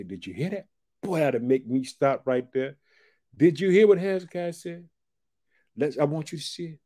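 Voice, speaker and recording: Excitable male preacher, warm mellow tone, slightly higher voice, calls out "boy" often. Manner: exclaiming, repeats "boy" and "check it out"; reads scripture aloud in a raised, drawn-out voice. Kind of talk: sermon.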